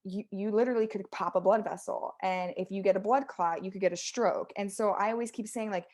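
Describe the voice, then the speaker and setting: A woman's voice: medium pitch, fairly quick, hardly any pauses. A woman co-hosting a casual health podcast, talking emphatically as a fitness coach and acting out what people say. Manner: animated, emphatic, acts out quotes. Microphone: close studio mic, audible breathing.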